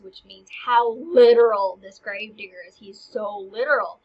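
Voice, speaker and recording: A woman's voice: medium pitch, measured pace, long pauses, slightly rough, lo-fi sound. A woman teacher explaining a play in casual language, paraphrasing each line into plain modern talk.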